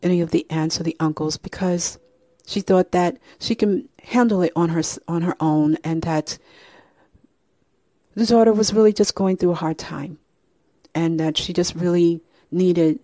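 A woman hosting her own show, telling a family story at a measured pace. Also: lowish voice, mellow, no echo, clean studio sound. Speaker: host.

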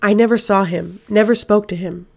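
A woman's voice: mid-range voice, fairly even intonation, normal speed, vocal fry. Woman reader as a tormented possessed man, audiobook, desperate and strained. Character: tormented possessed man, demon within, male.

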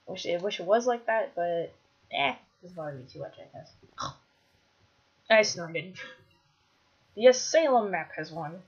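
A woman commentating her own gameplay, chatty, bursting into excited shouts when things go wrong. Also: on the low side, a little slow, long pauses, highs cut off. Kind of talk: Minecraft let's play commentary.

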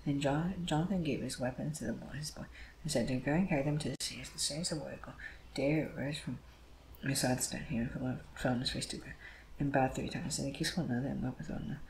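A man reading scripture aloud, moving quickly and often stumbling over words and starting lines again. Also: medium pitch, steady tone, a little hiss or hum, poor audio. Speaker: Bible reader.

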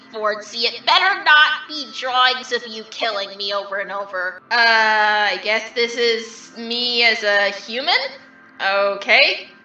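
A woman's voice: a little high, pushed and bright, echoey room, recorded from a distance, exaggerated voice, rough recording. A woman voicing a vain, mischievous male triangle dream demon who reacts to fan art in a smug, theatrical, mock-offended way.

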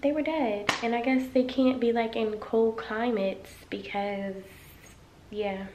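A woman's voice: a little high, steady tone, takes it slowly, highs cut off, noisy background. A woman in a casual vlog, talking chattily to her viewers and rambling through her plans. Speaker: vlogger. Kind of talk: casual vlog chat to camera.

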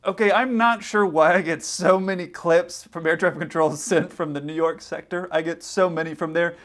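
A man's voice: on the high side, steady tone, normal speed, a bit bright. A man hosting an aviation video, giving casual, plain-spoken advice and commentary. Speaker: pilot and aviation YouTuber. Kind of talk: commentary on radio clips.

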